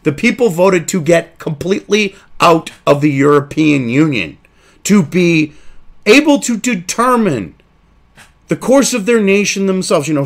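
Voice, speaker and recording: A man hosting a crude, indignant commentary show, reading news excerpts aloud and then ranting about them. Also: on the high side. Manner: reads article excerpts then reacts.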